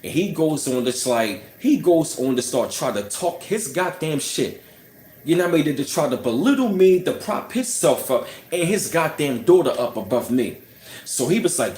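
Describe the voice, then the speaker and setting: A man's voice: a little high, very animated, normal speed, a little mellow. Heated man ranting in an echoey room. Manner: heated, scornful, peppered with "you know what I'm saying". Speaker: channel host. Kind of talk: casual ranting storytelling. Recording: roomy echo.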